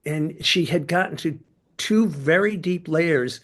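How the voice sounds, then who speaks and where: Animated older man telling stories. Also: a little slow. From United States. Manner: animated storyteller, sudden jumps in pitch and loudness. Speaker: podcast guest. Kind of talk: casual storytelling interview.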